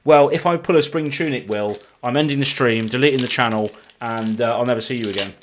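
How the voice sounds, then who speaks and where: A man's voice: medium pitch, fairly quick, a little hiss or hum. A man with a British accent streaming live, chatting casually and reading card names aloud as he opens packs. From United Kingdom. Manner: chatty, reads card names in a running list.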